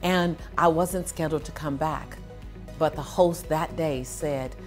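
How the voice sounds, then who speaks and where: A middle-aged woman, a motivational speaker, telling a story in a lively way, laughing and acting out voices. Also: unhurried, soft background music. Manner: lively, laughing, acts out voices with big pitch jumps. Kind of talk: animated storytelling.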